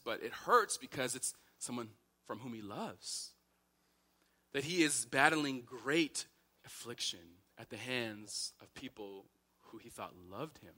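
A man's voice: medium pitch, bright, forceful tone. A man preaching a sermon as pastor, repeating phrases and building to impassioned emphasis.

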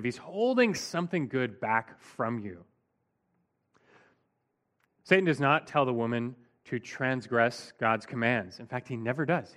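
A man teaching through a scripture passage as a preacher, at an average pitch for a man. He talks conversationally and with emphasis, dropping in a casual "like" as he goes. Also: fairly bright tone. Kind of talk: expository Bible teaching.

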